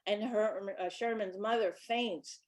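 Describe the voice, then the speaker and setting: A woman's voice: mid-range voice, fairly even intonation, measured pace. A woman who writes children's books, talking casually and chattily about her books, with small restarts. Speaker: children's book author.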